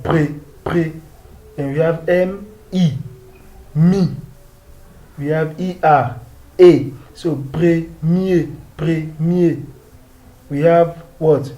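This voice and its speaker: A man's voice: fairly high pitch, warm tone, low-quality recording. A man with a Nigerian English accent teaching French pronunciation, patiently drilling words and asking rhetorical questions. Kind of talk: pronunciation lesson.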